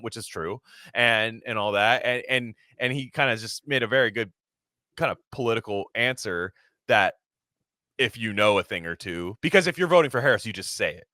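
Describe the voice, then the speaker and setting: Bright-voiced man rambling on a podcast. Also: lowish voice, dry recording, clean studio sound. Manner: rambling, halting, profane. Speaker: podcast co-host. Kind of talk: casual chat.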